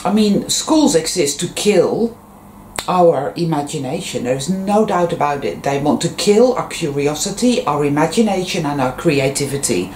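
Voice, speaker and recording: A woman's voice: low-pitched, expressive, moderate pace, darkish tone. Rambling frank woman vlogging at home. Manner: rambling, frank, swears freely, laughs at own jokes. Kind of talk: casual monologue to camera. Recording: roomy echo, faint background noise.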